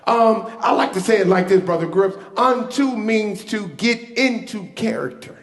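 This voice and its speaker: High-voiced preacher shouting call-and-response. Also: male voice, lively intonation, normal speed. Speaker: pastor. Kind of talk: sermon. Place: church sanctuary. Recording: echoey church hall with music.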